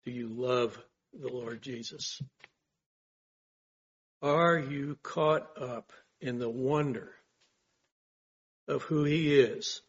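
Man, pastor, sermon, earnest rhetorical questions, husky voice, dull lo-fi sound. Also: mid-range voice, very slow, long pauses. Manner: earnest, asks rhetorical questions, swells in emphasis.

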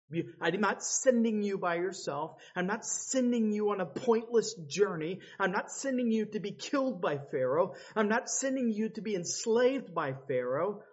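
A man's voice: sits high, husky, lo-fi sound. A man preaching a sermon, dramatically acting out the voices of biblical figures as he tells the story. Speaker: pastor.

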